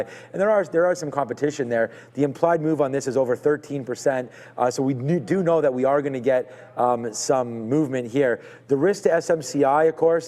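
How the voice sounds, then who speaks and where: A man's voice: medium pitch, mellow, in a large hall. A man co-hosting a live trading stream, talking through stock earnings in a hedging way and restarting his sentences. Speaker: co-host of a live trading show. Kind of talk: casual market commentary.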